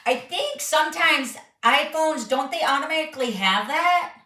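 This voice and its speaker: A woman's voice: high-pitched, expressive, normal speed, pushed and bright, distant mic, faint music behind. A middle-aged woman hosting a live card-making tutorial, walking viewers through each step and reading their questions aloud in a chatty way. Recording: roomy sound, voice a bit off-mic.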